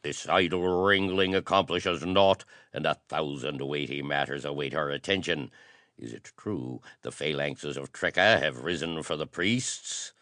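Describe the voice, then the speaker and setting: A man's voice: a bass voice, a little slow, a bit bright, no echo, clean studio sound, exaggerated voice. A man doing a fierce old war veteran. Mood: stern. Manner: stern, commanding.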